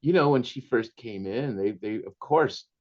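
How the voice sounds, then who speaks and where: A man's voice: mid-range voice, normal speed. Older guy telling funny family stories, laughs a lot, kinda dull lo-fi sound. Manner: warm anecdotal storyteller, laughs often, drops Spanish phrases. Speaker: author guest. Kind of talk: storytelling interview.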